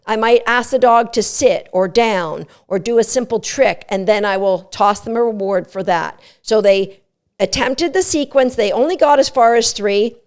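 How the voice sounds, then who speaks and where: A middle-aged woman hosting a dog training podcast, explaining methods in an emphatic, coaching tone with quick asides. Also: fairly high pitch. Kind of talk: instructional podcast talk.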